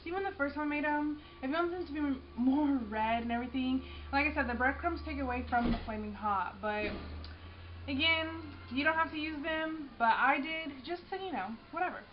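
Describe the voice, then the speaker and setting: A young woman with a high voice chats through her home cooking video, loose and slangy, stopping to taste and react between sentences. The sound is a little dull, with a faint hiss behind her. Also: fairly quick. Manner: chatty, slangy, tasting food while talking. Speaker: cooking vlogger. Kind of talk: casual cooking vlog talk.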